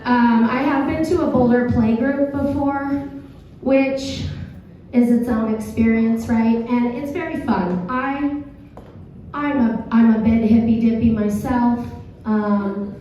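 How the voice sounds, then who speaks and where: A hoarse woman comedian doing a stand-up set, talking with the crowd in a self-deprecating, conversational way. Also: a little high, fairly even intonation, slow pace, dark tone, slight background noise. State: hoarse, dry throat. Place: theater stage. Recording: echoey theater, far from mic, dull.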